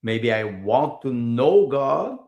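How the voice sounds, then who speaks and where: Gravelly-voiced guy on a podcast, lots of uh and restarts, non-native english. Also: medium pitch, sing-song, takes it slowly, darkish tone. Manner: hesitant, many fillers and repeated words. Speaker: podcast guest. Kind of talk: casual interview conversation.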